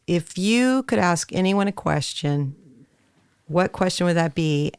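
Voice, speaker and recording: A woman hosting a podcast, asking quick curious follow-up questions and closing the show. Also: low-pitched, clean tone. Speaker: podcast host. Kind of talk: interview and show outro. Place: recording studio.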